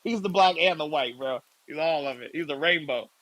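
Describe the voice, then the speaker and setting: A man's voice: a little high, a little fast, a bit bright, dry recording, low-quality recording. A man chatting casually and playfully in a live audio chat, rambling and correcting himself as he goes. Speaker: guest artist.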